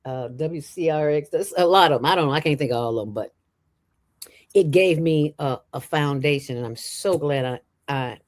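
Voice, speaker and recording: A middle-aged woman, a former radio host and founder, talking as an interview guest in an animated, emphatic and playful way. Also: deep voice. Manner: fast talker from years on radio. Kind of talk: casual interview chat.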